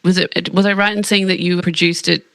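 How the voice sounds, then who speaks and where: A woman's voice: fairly low pitch, level tone, a little fast, creaky, a bit bright, no room sound. A woman hosting a podcast, asking chatty questions in a casual interview. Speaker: podcast host.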